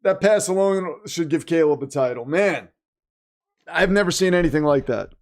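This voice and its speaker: A man hosting a live watch party, reacting excitedly to the game and reading viewer comments aloud, his voice getting worn. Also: a little high, moderate pace. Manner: animated, exclaiming, reads chat aloud. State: losing his voice. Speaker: livestream host.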